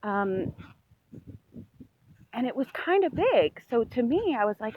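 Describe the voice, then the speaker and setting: Woman, fairly high voice, breathy, rambling animated storytelling, walking outdoors, dull lo-fi recording. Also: unhurried, long pauses, dry recording. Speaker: vlogger. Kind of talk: walk-and-talk dream retelling. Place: outdoors on a street while walking.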